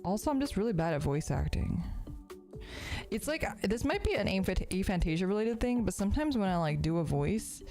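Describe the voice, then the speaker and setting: A woman's voice: mid-range voice, very animated, fairly quick, dark tone, faint music behind. A woman streamer chatting casually while building a model kit, rambling and putting herself down, with many restarts.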